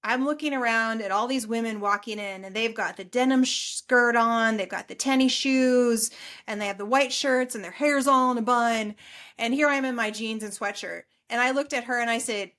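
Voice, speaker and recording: A middle-aged woman telling her story as a podcast guest, chatty and animated, acting out quoted lines. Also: on the high side, fairly quick. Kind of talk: casual storytelling interview.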